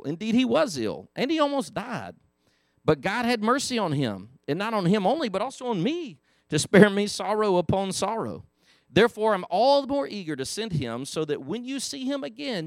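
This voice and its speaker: A man's voice: fairly high pitch, no room sound. A man teaching a Sunday school Bible lesson in a church classroom, talking with the class and asking them questions. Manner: conversational, asks the class questions.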